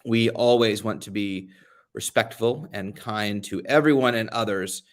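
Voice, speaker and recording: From a beach rental on a getaway, a young American livestream host and advocate chats casually with his audience, greeting viewers by name and making self-deprecating jokes. He speaks at a measured pace in a fairly low voice.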